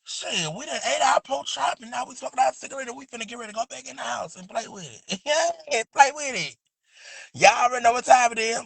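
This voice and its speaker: A man with a notably high voice hosts a loose, chatty phone livestream outdoors, calling his viewers baby and boo. He stretches his pet phrase out in a sing-song drawl. The sound is dry and close, with no room echo. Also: fast, creaky, a bit bright, husky. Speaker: livestream host. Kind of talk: casual livestream chat. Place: outdoors next to a house.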